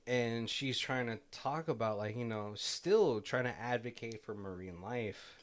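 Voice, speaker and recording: A man's voice: mid-range voice, unhurried. Male podcast co-host, loose rambling delivery with frequent laughs. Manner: rambling, animated, laughs often. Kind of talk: casual movie discussion.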